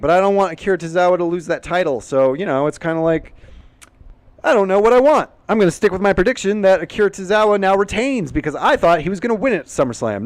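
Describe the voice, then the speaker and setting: A man's voice: a little high, no echo. A man hosting a casual, unscripted recap of a show, rambling and opinionated and swearing freely. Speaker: YouTube wrestling recap host.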